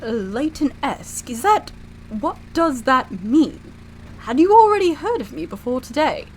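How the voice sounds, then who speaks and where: A woman voicing a calm, polite male professor in an attempted British accent, reading game dialogue aloud. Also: sits high, measured pace, a little hiss or hum, low-quality recording. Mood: courteous.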